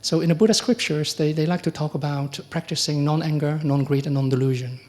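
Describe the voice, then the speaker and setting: A middle-aged man, a monk giving a conversational dharma talk, often asking the audience questions and acting out quoted exchanges. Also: a little fast. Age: middle-aged or older. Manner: acts out quoted exchanges with lively pitch jumps. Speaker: Buddhist monk teacher.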